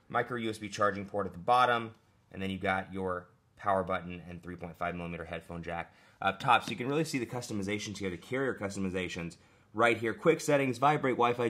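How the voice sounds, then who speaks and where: A man, hoarse and coming down with a cold, walking through a phone unboxing in a brisk, casual way. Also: on the low side, fairly bright tone. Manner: brisk, conversational, pointing out features. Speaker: tech reviewer. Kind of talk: casual product unboxing walkthrough.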